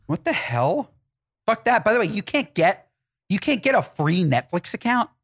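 A man's voice: high voice, moderate pace. A man co-hosting a podcast, telling stories in casual chat with exaggerated, ranting delivery. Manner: animated storyteller, exaggerated rants. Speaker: podcast co-host.

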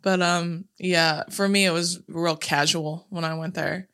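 A woman's voice: on the low side, fairly even intonation, measured pace, fairly bright tone, clear, resonant tone. A young woman co-hosting a podcast, telling stories in a blunt, casual way with a lot of swearing. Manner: blunt storytelling with frequent swearing. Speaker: podcast co-host. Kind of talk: casual chat.

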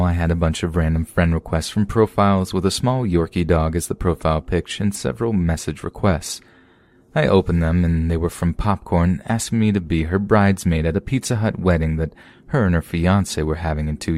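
A man reading a first-person scary story aloud as a podcast narrator, in a steady, measured scripted delivery. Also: low voice.

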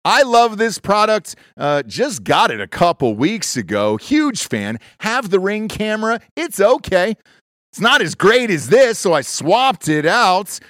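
A man reading a loud, emphatic advertisement in a pitched-up voice. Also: very animated, measured pace, no room sound, clean studio sound. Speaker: ad reader. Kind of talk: energetic ad read.

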